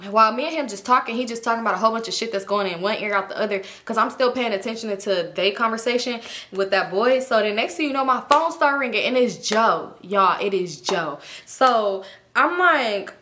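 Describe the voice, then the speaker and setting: A woman's voice: on the high side, expressive, fairly quick, sharp tone. A young woman telling a storytime vlog in casual slang, addressing her viewers as y'all. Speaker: vlogger.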